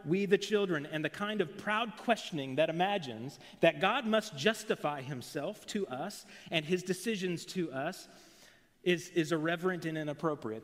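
A man preaching a sermon as pastor, earnest with emphatic rising phrases, recorded in a church sanctuary on a pulpit mic. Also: fairly high pitch. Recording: long reverb of a large hall.

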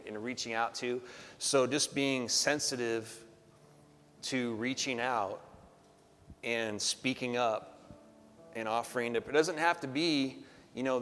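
A man's voice: medium pitch, a bit bright, slight background noise. A man hosting a Christian ministry program, wrapping up with encouraging, loosely phrased preaching. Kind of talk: preaching wrap-up. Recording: long hall reverb with faint music.

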